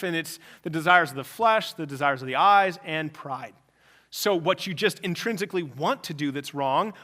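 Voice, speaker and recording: A man's voice: a little high, bright, forceful tone. A man in his thirties preaching a sermon as pastor, conversational with joking asides. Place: church sanctuary. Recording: long reverb of a large hall.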